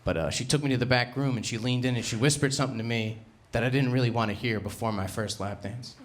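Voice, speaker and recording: A young man from New Jersey with a Jersey accent, doing a brash, self-mocking stand-up set and punching out loud acted-out quotes. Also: mid-range voice, fast talker. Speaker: stand-up comedian. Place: comedy club stage. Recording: live room with audible crowd noise. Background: audience laughter.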